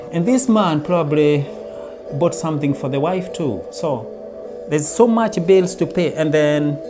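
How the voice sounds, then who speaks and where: A man giving a motivational talk, telling it as a story and briefly acting out everyday lines. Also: a little high. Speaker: self-help speaker. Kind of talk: motivational monologue.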